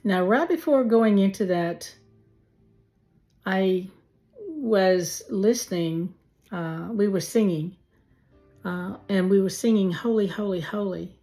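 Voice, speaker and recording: A woman telling a heartfelt personal faith testimony, slowly and with many pauses. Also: medium pitch, dark tone, faint music behind. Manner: slow, heartfelt storytelling with pauses. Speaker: testimony speaker.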